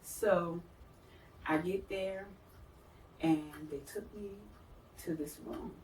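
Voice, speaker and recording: A middle-aged woman telling a personal story as an interview guest, animated, acting out the voices she quotes. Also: slow. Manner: animated, acts out quoted voices with big pitch jumps. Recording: roomy, from far off the mic, faint noise.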